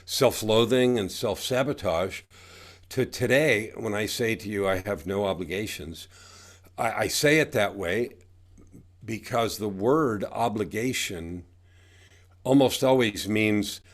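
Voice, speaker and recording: A man's voice: fairly low pitch, slow. A man in his sixties, an author and coach, talking in an emphatic, preachy way as a podcast guest and repeating his catchphrases. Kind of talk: motivational podcast interview.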